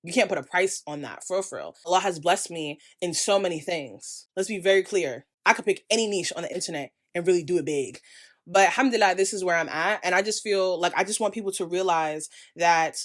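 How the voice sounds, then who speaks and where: A woman's voice: fairly low pitch, brisk. A young woman from the United States giving a candid, passionate talking-head vlog, ranting with emphatic asides. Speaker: creator and vlogger.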